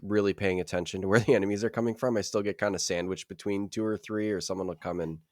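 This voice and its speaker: A man co-hosting a gaming podcast with a deep, raspy, sick voice, laughing often and joking about himself. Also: fairly even intonation, fast, no room sound, clean studio sound. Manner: laughs often, self-deprecating. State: sick, hoarse. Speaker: podcast co-host. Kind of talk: casual podcast chat.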